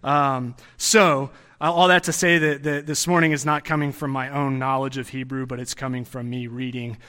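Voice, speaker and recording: A man's voice: mid-range voice, level tone, normal speed, sharp tone, smooth. A young man giving a sermon in a conversational way, restarting phrases and adding asides as he teaches. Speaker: preacher.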